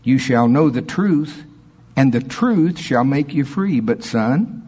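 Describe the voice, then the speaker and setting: Husky-voiced man preaching a sermon. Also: medium pitch, takes it slowly. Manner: storytelling, animated in anecdotes.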